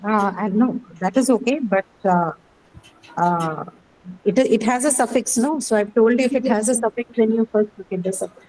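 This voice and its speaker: A woman's voice: on the high side, moderate pace, darkish tone, rough recording. A woman teaching pronunciation in an online class, patient and step by step, repeating words and asking "okay?". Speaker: English teacher.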